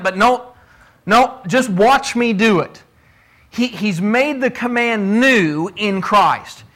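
A man's voice: sits high, bright, forceful tone. A man preaching a sermon in a conversational teaching style, asking rhetorical questions and pressing his points with emphasis. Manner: repeats words when restarting, emphatic.

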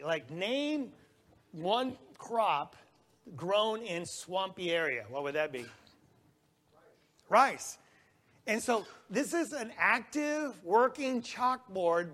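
A man's voice: sits high, fairly bright tone. A man giving a rambling, folksy slide-show talk about a mission trip to a live audience. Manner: folksy, rambling, with small restarts and laughs.

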